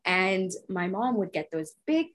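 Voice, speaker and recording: A photographer talking as a podcast guest in a casual, relaxed way, saying "like" a lot. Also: female voice, medium pitch, unhurried. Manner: relaxed, chatty, says "like" a lot. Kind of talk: casual interview.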